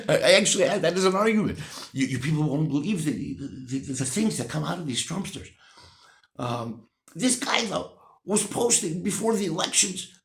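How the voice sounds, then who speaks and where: A man's voice: a little high, creaky, roomy sound. A man vlogging replies to viewer comments in a casual, sarcastic rant, laughing at his own points and restarting often.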